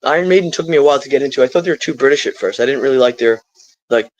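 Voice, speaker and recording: A man's voice: medium pitch, racing, dry recording, muffled recording. A middle-aged man talking to his live stream in a rambling, stream-of-consciousness way, drifting into spiritual asides.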